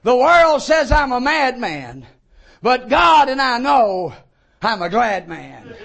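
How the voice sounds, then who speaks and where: A man preaching a sermon with fervent delivery, breaking into shouts of praise. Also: very high voice, vocal fry.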